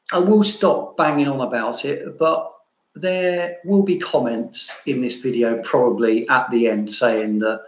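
A man from southeast London with a London accent softened by Cambridge, chatting casually and self-mockingly to viewers as he answers their questions, laughing often. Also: medium pitch, echoey room, rough recording. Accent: London with a bit of Cambridge. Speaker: fragrance vlogger.

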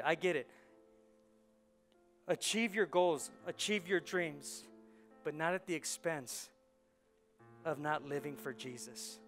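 Male pastor, fairly high voice, fervent sermon with hushed and loud stretches, faint music underneath. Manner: passionate preaching, swings from hushed to loud, repeats phrases. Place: church sanctuary.

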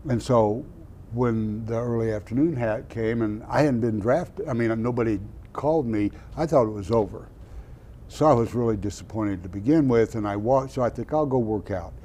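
A man's voice: medium pitch, normal speed, a little hiss or hum. An older man from Oklahoma, a former football player, telling stories in an interview and laughing at himself. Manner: animated storyteller, laughs at himself. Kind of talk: storytelling interview.

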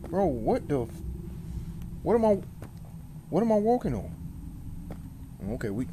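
A man streaming a horror game, jittery, talking back to it and insisting he is not scared, swinging between loud outbursts and low muttering. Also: very animated, unhurried, a little hiss or hum. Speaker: gaming streamer.

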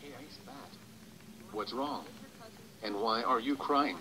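A man's voice: mid-range voice, slow, very noisy, lightly acted. Synthetic male voice doing a stern scolding cartoon doll. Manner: scolding, threatening.

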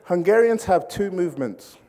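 A man from Britain preaching a sermon, telling comic stories and acting out loud congregations. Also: high voice, animated, moderate pace. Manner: comic storytelling, mimics congregations with shouts. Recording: reverberant hall.

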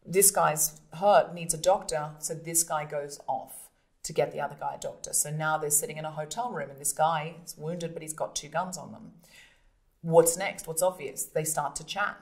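A woman comedian and podcast host telling stories in an interview, animated and acting out scenes with voices. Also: low voice, normal speed. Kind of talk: storytelling interview.

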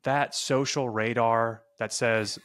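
A young adult man casually telling funny stories on a podcast, animated and profane, with frequent restarts. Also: mid-range voice, takes it slowly. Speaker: podcast co-host. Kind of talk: casual storytelling chat.

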